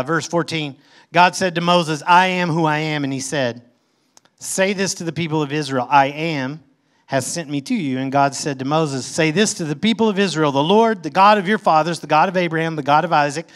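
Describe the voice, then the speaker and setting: A male pastor reads scripture aloud during a sermon and explains it conversationally. His delivery swings emphatically in pitch and loudness.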